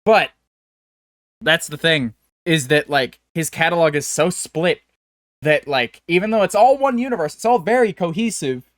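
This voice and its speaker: Rambling podcast host, higher-pitched man. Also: expressive, moderate pace, no room sound, studio quality. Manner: rambling, heavy with fillers and restarts. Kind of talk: casual chat.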